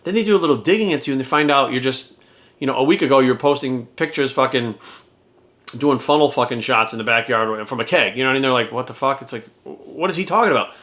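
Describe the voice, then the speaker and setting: A middle-aged man speaks straight into his camera in a casual, unscripted way. His voice sits at an ordinary pitch, and his delivery is blunt and heated, peppered with swearing. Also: quick pace, fairly bright tone. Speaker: fitness coach and YouTuber.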